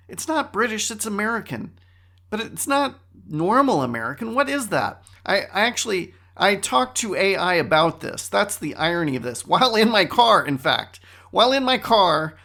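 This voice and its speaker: A middle-aged man hosting his own podcast, riffing in a wry, animated way and often stopping to restart his sentences. His voice sits slightly high for a man and sounds bright and forward. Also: moderate pace, vocal fry. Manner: animated, wry, self-interrupting. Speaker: podcast host. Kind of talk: casual solo podcast talk.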